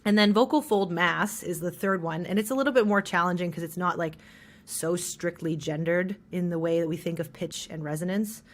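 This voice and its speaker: The speaker is a trans non-binary voice teacher in an interview, talking fairly quickly. They explain the shaping of voices and give demonstrations of how pitch and resonance can shift.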